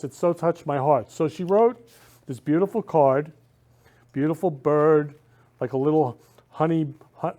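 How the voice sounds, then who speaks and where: Male host, effusive and rambling, a touch high-pitched, casual heartfelt chat. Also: mellow. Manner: effusive, repeats "love" and "I love you" constantly; rambling with frequent restarts. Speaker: talk show host.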